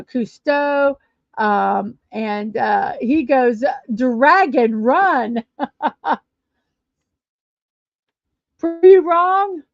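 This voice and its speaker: A woman's voice: a little high, darkish tone, dry recording. A woman hosting a casual livestream, chatting and reading viewer comments aloud. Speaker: livestream host. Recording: dull lo-fi dry stream audio.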